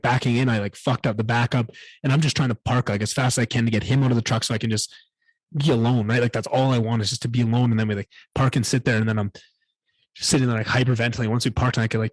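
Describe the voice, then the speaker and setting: A man's voice: medium pitch, dry recording. A man hosting a solo podcast, telling a candid personal story in a rambling way and swearing often. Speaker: podcast host.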